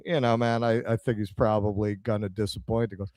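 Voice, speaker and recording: A middle-aged man with a New York accent, co-hosting a casual chat and telling a story with animated quoted dialogue. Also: fairly low pitch, a little fast, no room sound. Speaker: podcast co-host.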